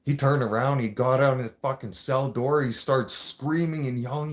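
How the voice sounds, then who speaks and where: A man's voice: mid-range voice, fairly even intonation, normal speed, few pauses. A man hosting a show, telling a story in a blunt, casual way, swearing constantly and talking straight to his listeners. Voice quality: blunt, heavy swearing, streetwise.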